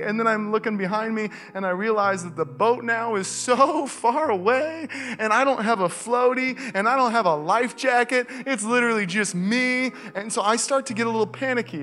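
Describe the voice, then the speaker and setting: Bright, high-voiced Californian pastor. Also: male voice. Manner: casual, storytelling, rising to shouted urgency. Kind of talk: sermon with personal story. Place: church stage.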